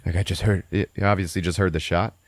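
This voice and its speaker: A man hosting a podcast, recapping a movie in a profane, animated, laughing way. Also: deep voice, fast talker, no echo, studio quality. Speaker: podcast host.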